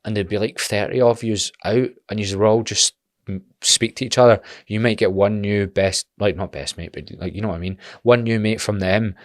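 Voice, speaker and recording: A man's voice: lowish voice, fairly even intonation, moderate pace, dry recording, clean studio sound. A Scottish man in his twenties talking bluntly and animatedly in a casual podcast monologue, swearing freely. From Scotland. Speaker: podcast host.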